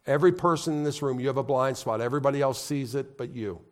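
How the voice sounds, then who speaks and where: A man's voice: mid-range voice, fast talker. A man preaching a sermon to a congregation, repeating key phrases and asking the crowd to answer back. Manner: repetitive call-and-response preaching. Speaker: pastor. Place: congregation in a room.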